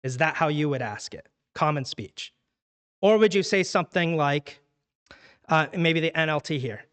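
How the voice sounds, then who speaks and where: A man's voice: a little high, animated, moderate pace, fairly bright tone. Conversational man teaching a Bible class. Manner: conversational, asks the class many questions. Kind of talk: church Bible study lesson. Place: church room.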